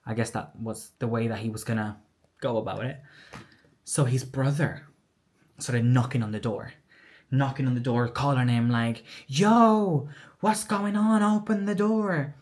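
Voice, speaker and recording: A woman's voice: rumbling low, steady tone, moderate pace, pauses often, darkish tone. A woman telling a personal story in a candid, emotional vlog, acting out what others said. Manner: candid, emotional retelling with quoted dialogue. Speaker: vlogger.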